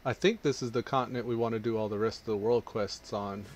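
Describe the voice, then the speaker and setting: A man's voice: on the low side, fairly even intonation, fast talker, slight background noise. A man casually talking through his online game session, chatting and thinking aloud as he plays. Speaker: gaming streamer. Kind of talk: casual gameplay commentary.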